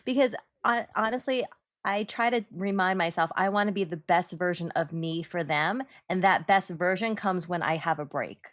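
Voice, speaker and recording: Calm, reassuring co-host in a dry room. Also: female voice, lowish voice, no echo. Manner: measured and reassuring, reads out reframes. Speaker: podcast co-host. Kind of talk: casual chat.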